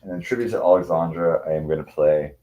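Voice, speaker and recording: A man's voice: extremely low pitch, fast talker, muffled recording. A man chatting casually on a livestream, rambling with many restarts and cooing to his cats.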